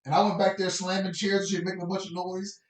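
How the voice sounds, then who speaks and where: A man co-hosting a podcast, telling a work story in a casual, animated and profane way. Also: fast. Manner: animated, profane, rising pitch when worked up. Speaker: podcast co-host. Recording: echoey room, a bit far from the mic.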